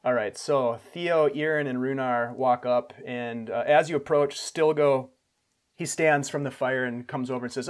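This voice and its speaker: Brief: male game master, mid-pitched, easygoing scene-setting. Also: normal speed. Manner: relaxed narration with filler restarts. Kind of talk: narrating a tabletop game.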